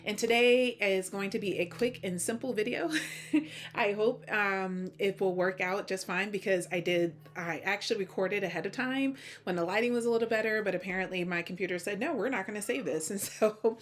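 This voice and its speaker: A woman's voice: mid-range voice, moderate pace. Tired chatty woman with a slight Southern twang. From Georgia, US. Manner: chatty, laughs often, self-deprecating. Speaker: host. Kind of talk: casual knitting vlog chat.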